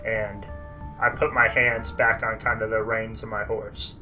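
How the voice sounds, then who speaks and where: A man's voice: lowish voice, level tone, unhurried, sharp tone, faint music behind, poor audio. A man playing a tabletop role-playing game, hesitant and laconic. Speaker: player.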